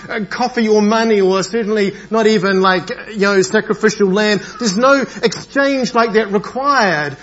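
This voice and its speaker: Man preaching with halting fillers. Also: high voice. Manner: hesitant, many fillers, grows animated. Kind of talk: sermon. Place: church. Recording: dull lo-fi recording with mains hum.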